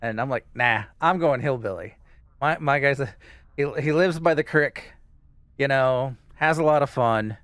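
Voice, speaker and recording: A man's voice: medium pitch, normal speed, a bit bright, smooth, no echo, studio quality. A man co-hosting a casual gaming podcast, rambling and hesitant as he chats. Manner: rambling, hesitant, many fillers and restarts. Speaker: co-host.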